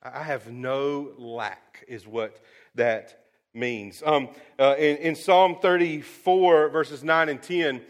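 Folksy pastor, slightly high voice. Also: male voice, slow pace. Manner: folksy, storytelling, animated with sudden soft drops. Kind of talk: sermon.

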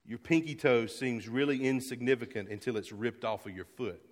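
A man pastor preaching a sermon to his church, earnest, dropping to a hush and rising to loud, fervent calls. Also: mid-range voice, normal speed, in a large hall. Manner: earnest, swings from hushed to loud. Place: church sanctuary.

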